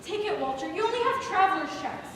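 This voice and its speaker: A young woman playing a worried, fretful wife with a very high voice that pleads and frets. She is heard from far off in an echoing school hall. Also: lively intonation, fast talker, background noise. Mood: eager. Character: anxious, fretful middle-aged wife. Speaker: student actor. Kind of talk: stage play performance. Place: school auditorium stage.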